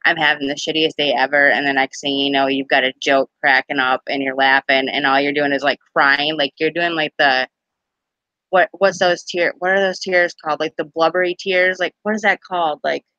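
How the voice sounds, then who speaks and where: A woman's voice: sits low, level tone, normal speed, pushed and bright, no echo, dull audio. A woman hosting a casual live stream chat, giggly and rambling, full of "like".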